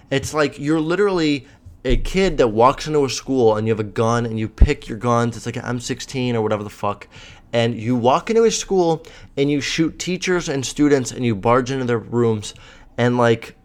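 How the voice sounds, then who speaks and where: A young man hosting a solo podcast, talking in a blunt, rambling, profane rant. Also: mid-range voice. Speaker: podcast host.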